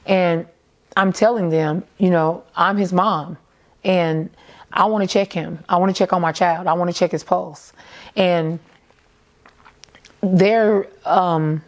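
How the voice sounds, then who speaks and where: A woman tells her story in a slightly low voice. Her speech comes in halting bursts, full of fillers and repeated phrases, in the manner of emotional first-person testimony. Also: steady tone. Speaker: mother recounting her son's death.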